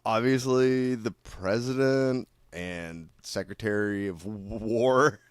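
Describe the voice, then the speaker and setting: Deadpan man spinning tall tales. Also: fairly low pitch, slow pace, smooth, no room sound, clean studio sound. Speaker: podcast co-host. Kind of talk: improvised comedy banter.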